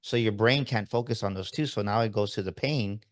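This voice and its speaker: A man hosting a podcast, telling stories in an animated way and often checking in with "right?". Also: on the low side, brisk. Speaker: podcast host. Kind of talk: casual interview chat.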